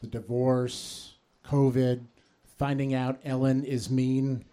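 A man performing a stand-up comedy set on stage, telling conversational stories that build to quick punchlines. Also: mid-range voice, flat delivery, background noise. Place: comedy stage before a live audience. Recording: live set with audience laughter. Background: crowd laughing.

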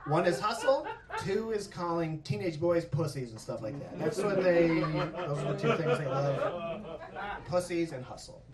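A male comedian tells a long, profane story on stage, his pitch swinging widely as he acts out screaming coaches. He sounds a little away from the mic, his voice echoing through the hall. Loud audience laughter keeps rolling in behind him. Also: animated, normal speed, recorded from a distance. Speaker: stand-up comedian. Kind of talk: stand-up storytelling. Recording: echoey hall with crowd laughter, mic from afar.

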